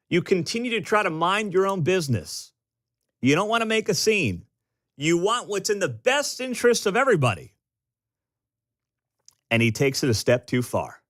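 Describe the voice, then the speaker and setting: American male radio host, lively pitch, dry close studio sound, emphatic storyteller. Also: dry recording. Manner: animated, emphatic, storytelling with acted-out quotes. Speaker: radio talk show host. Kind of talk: opinionated talk radio monologue.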